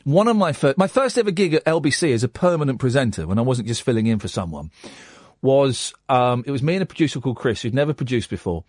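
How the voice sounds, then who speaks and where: Man, 40s, radio phone-in host, chatty, self-mocking, lively intonation, dry studio sound. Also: medium pitch, quick pace, dry recording. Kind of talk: late-night radio phone-in chat.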